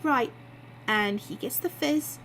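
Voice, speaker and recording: Brief: cheeky barmaid, breezy and lively, put on by a woman reader in a storybook reading, slightly raised voice, faint room hum. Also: high voice, slow pace, full character voice.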